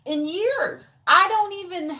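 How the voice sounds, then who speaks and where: A woman's voice: very high-pitched, slow pace, pushed and bright. A woman talking to camera in a casual vlog, full of exasperated, incredulous rhetorical questions. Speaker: YouTuber.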